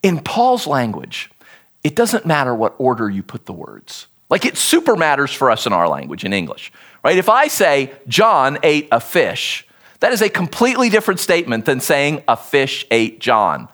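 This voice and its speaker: A man preaching a sermon as pastor, with an expressive, emphatic teaching delivery. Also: fairly high pitch, a little fast.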